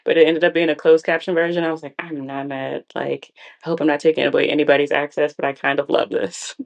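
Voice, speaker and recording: A woman's voice: deep voice, little pitch movement, fast, vocal fry, muffled recording. A young woman co-hosting a podcast in casual chat, laughing often and acting out what friends said. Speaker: podcast co-host.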